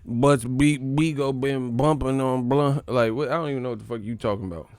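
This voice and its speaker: Gravelly-voiced man, loose profane banter. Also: brisk, a little mellow, no room sound. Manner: profane, joking, mocking chat in silly high voices. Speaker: live stream host. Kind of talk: casual live-stream chat reading comments.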